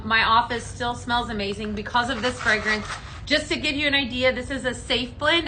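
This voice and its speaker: Bright, chatty woman hosting a live sales show. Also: fairly high pitch, slight background noise, low-quality recording. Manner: chatty and upbeat, selling, reading viewer comments aloud. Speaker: host of a live home fragrance sales show. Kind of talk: live on-air product demo chat. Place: studio set under hot lights.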